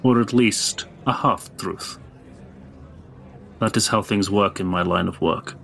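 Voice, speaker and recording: A man playing a tabletop game, speaking calmly and bluntly in and out of character. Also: lowish voice, gravelly, slight background noise. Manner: calm, deliberate and blunt in character. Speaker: player. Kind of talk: tabletop role-play, in and out of character.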